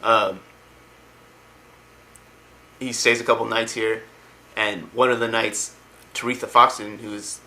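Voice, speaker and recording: Young man, lowish pitch, forceful tone, rambling, enthusiastic, casual retelling. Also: level tone, measured pace, long pauses, rough recording. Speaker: lore explainer.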